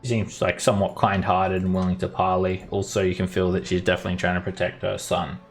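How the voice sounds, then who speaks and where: A man running a tabletop game as dungeon master, narrating in a relaxed way with many fillers. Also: low voice, quick pace, soft background music.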